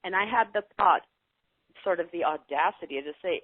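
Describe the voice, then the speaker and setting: A middle-aged woman telling her spiritual story in a casual interview, animated and earnest. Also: normal speed, noisy background. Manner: animated, earnest storytelling with lively pitch swings. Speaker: spiritual guide guest. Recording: tinny phone-like call audio, dry.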